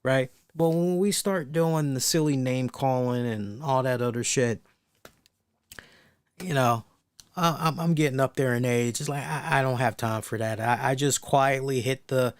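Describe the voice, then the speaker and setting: A man with a mid-range, clean-toned voice speaks a little slowly in a dry recording. Hosting a wrestling review podcast solo, he rambles and thinks aloud with many restarts and asides, swearing bluntly and casually.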